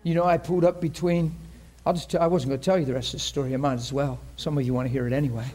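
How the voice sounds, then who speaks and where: Preaching to a congregation in church, a man tells a story earnestly and conversationally, acting out the voices of its characters. His voice is a little high and darkish, steady in tone, and he races along.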